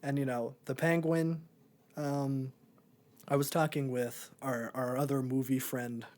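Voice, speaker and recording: With a mid-range, fairly monotone voice that's a little slow and mellow, this young co-host rambles casually through a movie review chat. He's relaxed and leans heavily on filler words.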